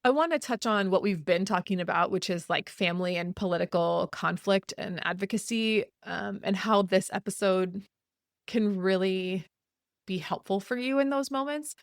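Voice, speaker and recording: A woman's voice: medium pitch, normal speed, no room sound, studio quality. A woman hosting a podcast, talking frankly in a casual advice monologue, often laughing and acting out example apologies in quotes. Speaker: podcast host.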